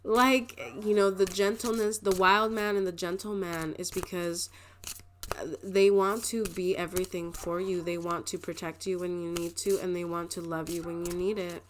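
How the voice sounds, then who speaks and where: A woman's voice: fairly low pitch, flat delivery, normal speed, slight background noise. Rambling, emotional woman tarot reader. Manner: rambling, emotional, with frequent laughs and filler words. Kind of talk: casual spiritual card reading.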